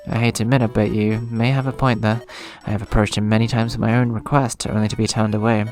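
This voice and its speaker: A man's voice: on the low side, level tone, fast talker, a little mellow, faint music behind, natural voice. A man reading the lines of a wry, grumbling young male thief with a dry, sarcastic manner. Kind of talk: reading game dialogue aloud.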